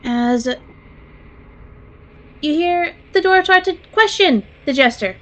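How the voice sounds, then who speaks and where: A woman's voice: very high-pitched, animated, takes it slowly, a bit bright, lo-fi sound. A woman narrating as game master of a tabletop game in a casual way, swearing freely as she sets scenes.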